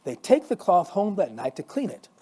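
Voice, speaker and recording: A male pastor reading a story aloud, expressive, with small restarts. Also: high voice, normal speed, breathy edge.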